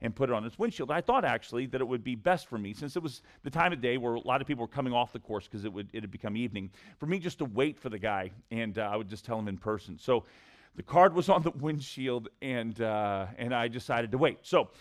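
A middle-aged man preaching a sermon, telling a personal story and acting out the voices in it. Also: fast talker. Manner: animated storyteller, acts out voices with big pitch swings. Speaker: pastor.

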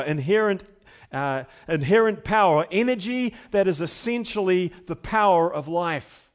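A middle-aged man preaching a sermon as pastor, emphatic and building with repeated phrases. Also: high voice.

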